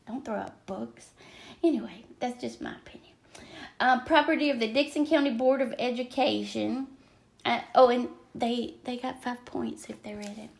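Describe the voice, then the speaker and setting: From her home craft desk, an older Southern American woman rambles chattily during a casual craft livestream, calling out viewers by name. She speaks at normal speed in a fairly high, creaky voice.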